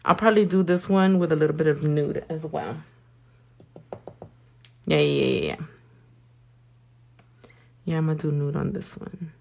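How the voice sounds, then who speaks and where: A woman's voice: low voice, measured pace, vocal fry, pauses often, a little mellow. A woman doing nails while talking casually to a live audience, blunt and profane, full of slang. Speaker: nail artist.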